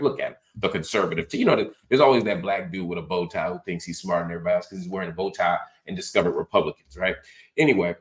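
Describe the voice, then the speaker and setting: A middle-aged man with a deep, low voice hosts a political commentary show. He talks in a lively, sarcastic way and drops mocking asides as he goes. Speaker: host.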